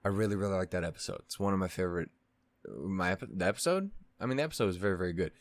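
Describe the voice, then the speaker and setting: Low-voiced man rambling through a recap. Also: racing, dry recording. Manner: rambling, swears casually, many fillers and restarts. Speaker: reaction channel host. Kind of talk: casual recap monologue.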